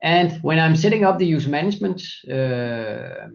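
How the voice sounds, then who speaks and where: A man presenting a software product in a screen-share demo, walking through steps methodically with frequent hesitations. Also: fairly high pitch, animated, moderate pace, creaky, highs cut off. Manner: many fillers and restarts, methodical walkthrough.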